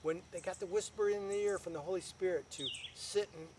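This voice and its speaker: A man, a guest financial advisor, telling stories in a casual video chat and building up to loud punchlines. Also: sits high, fairly even intonation, a little fast, slight background noise.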